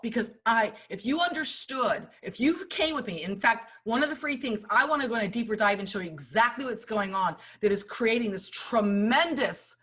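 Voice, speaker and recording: A middle-aged woman giving an impassioned motivational talk, swinging between loud urging and hushed storytelling. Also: fairly high pitch, slightly rough. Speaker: summit speaker.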